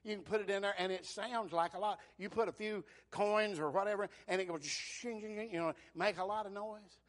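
Fervent high-voiced preacher. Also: male voice, brisk. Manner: fervent preaching, surging loud then dropping soft. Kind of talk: sermon.

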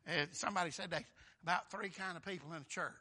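A man preaching, his voice pitched high and bright. He talks in a folksy, exclamatory way, keeps calling out for amens, and pushes his voice hard. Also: fast talker. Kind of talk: sermon.

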